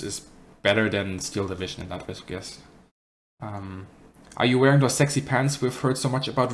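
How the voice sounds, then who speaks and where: A man's voice: fairly low pitch, slight background noise. A man with a German accent casually answering chat questions on a live stream, rambling and correcting himself with dry humour. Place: apartment.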